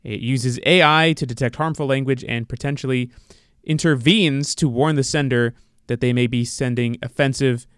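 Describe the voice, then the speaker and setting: A man's voice: medium pitch, clean tone, no echo, studio quality. A man co-hosting a casual soccer podcast, reading out odd news items and adding wry comments. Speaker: podcast co-host. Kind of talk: casual chat.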